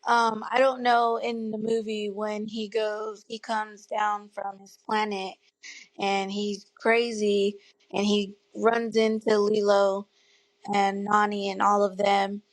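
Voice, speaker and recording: A woman in her thirties telling her story as an interview guest, earnest and tearful at times, with soft laughs. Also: mid-range voice, flat delivery, slow, dry recording, poor audio. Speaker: guest parent advocate. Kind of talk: emotional personal storytelling.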